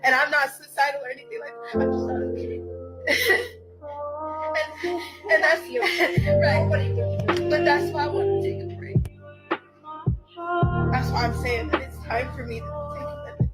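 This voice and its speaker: Woman, dance teacher, tearful, halting, repetitive, emotional video message, high voice. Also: over loud music. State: tearful, laughing through tears.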